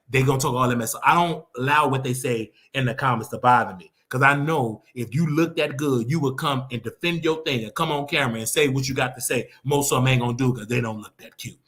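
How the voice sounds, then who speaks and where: A man's voice: mid-range voice, brisk, a bit bright. Brash, mocking man hosting commentary. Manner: brash, mocking, trash-talking. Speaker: host. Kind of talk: casual commentary monologue.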